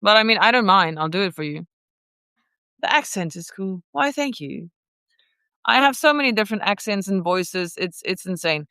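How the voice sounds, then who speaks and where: A woman's voice: medium pitch, fairly quick, pushed and bright, clean tone, dry recording. A woman vlogger in casual, rambling chat, answering viewer comments in a playful way.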